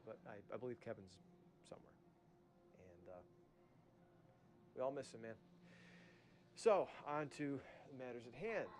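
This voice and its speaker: A man's voice: mid-range voice, slight background noise. A man hosting his own podcast, talking in a rambling, chatty way with lots of asides while he is losing his voice. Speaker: podcast host. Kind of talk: casual podcast monologue.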